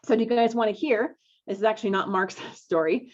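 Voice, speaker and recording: A woman's voice: medium pitch, fairly quick, darkish tone. A woman coaching couples in a live online masterclass, upbeat and coaxing, often checking in with her listeners. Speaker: marriage coach hosting a live webinar. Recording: dull lo-fi webinar audio.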